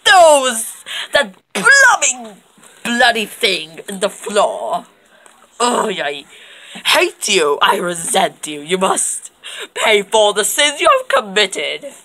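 A woman's voice: medium pitch, sing-song, slow pace, sharp tone, full character voice. A woman voicing a prim schoolkid boy who talks with an affected, theatrical British manner over background music. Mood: outraged. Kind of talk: fan puppet comedy acting.

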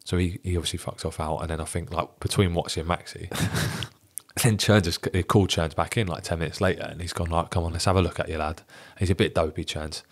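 A man in his thirties, a former footballer, telling a lively locker-room anecdote on a podcast as a guest, with loose, profane, animated storytelling. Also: low-pitched, brisk. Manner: animated storyteller, swears freely.

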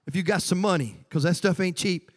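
A woman's voice: on the low side, a little fast, in a large hall. A woman pastor preaching a sermon in a church sanctuary, conversational, with joking asides to the congregation.

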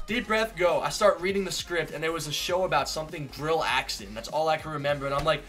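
A young man telling a story to his camera in a loose vlog style, animated and over the top. His voice sits a little high and sounds bright and sharp. Faint music plays underneath. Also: brisk, few pauses. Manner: animated, exaggerated retelling with voices. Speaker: vlogger.

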